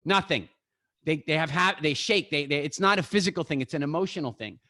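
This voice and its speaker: A man speaking as a guest in a live online talk over a video call. He is animated, acts out little scenes and speaks straight to his audience. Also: fairly high pitch, fairly quick, dry recording, studio quality.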